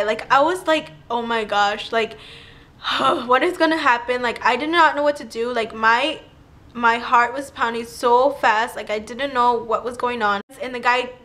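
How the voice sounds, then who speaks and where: A young woman vlogger telling a personal story in a casual, animated way, full of "like" and acted-out quotes. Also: on the high side. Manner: animated retelling with filler "like", acting out quotes.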